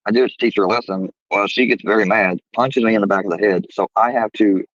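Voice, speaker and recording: Low voiced dude rambling fast on a stream call, swears a lot, muffled lo-fi sound. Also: male voice, fairly even intonation, dry recording. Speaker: guest streamer. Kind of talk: casual live-stream chat.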